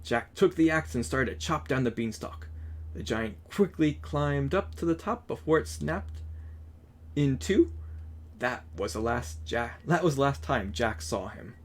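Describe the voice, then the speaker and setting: A man reading a children's picture book aloud in a steady, gentle storytelling manner. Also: mid-range voice, unhurried.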